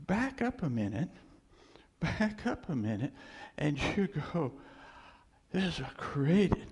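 A man preaching an animated sermon as a pastor, chuckling often and acting out voices. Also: on the high side, creaky, slightly rough, in a large hall.

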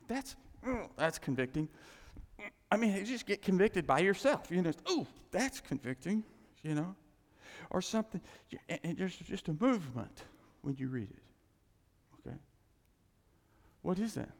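A man preaching a sermon as pastor, animated, repeating his phrases and acting out quoted thoughts. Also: high voice. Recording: long hall reverb.

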